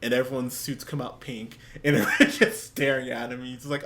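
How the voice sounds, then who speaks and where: A man's voice: mid-range voice, expressive, moderate pace, few pauses. A young man co-hosting a movie podcast, gushing in casual chat, swearing often and laughing. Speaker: podcast co-host. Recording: faint background noise.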